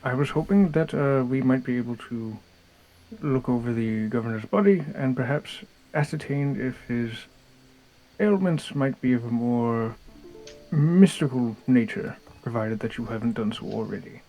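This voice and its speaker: A man's voice: medium pitch, moderate pace, warm tone, faint music behind, low-quality recording. A man playing a tabletop game, speaking in a formal, polite and hesitant way. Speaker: player. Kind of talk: in-character tabletop play.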